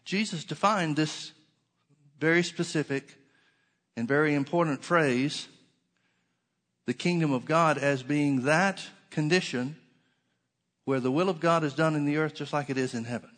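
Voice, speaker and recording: Male preacher, earnest sermon delivery, a touch high-pitched, drawn-out scripture quotes. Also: a bit bright. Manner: slows and stretches scripture quotes for emphasis; earnest, repeats key phrases.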